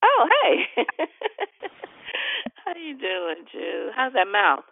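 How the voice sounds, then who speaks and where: Gravelly woman leading a prayer call. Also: sits high, wildly swooping pitch, extremely slow, no room sound. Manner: fervent prayer, warm greetings, frequent laughs. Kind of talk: prayer and devotional teaching on a call. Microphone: phone on a conference call. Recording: tinny phone line.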